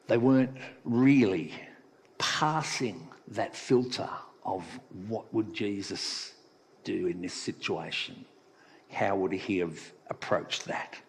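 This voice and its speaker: Husky guy giving a sermon, chatty, echoey hall. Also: slow. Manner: conversational storytelling, sometimes soft and low. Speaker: preacher.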